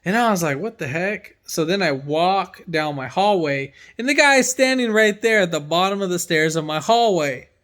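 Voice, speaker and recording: A man's voice: sits high, lively intonation, normal speed, few pauses, a bit bright. A man who works as a mechanic from home, telling a story in casual chat and acting out his own reactions with energy.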